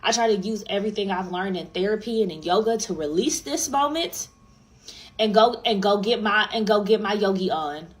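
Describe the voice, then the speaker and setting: A young woman in mid-range voice tells a personal story with exasperated energy. She swears freely and repeats herself for effect, sliding between low mutters and sudden shouts. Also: animated, moderate pace, rough recording. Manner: profane, repeats herself for emphasis. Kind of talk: storytime monologue.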